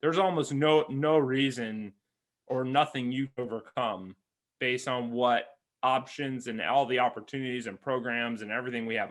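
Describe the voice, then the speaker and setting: A man's voice: medium pitch, fairly even intonation, normal speed. A man coaching real estate agents in a conversational way, acting out little dialogues with clients. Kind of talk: sales coaching talk.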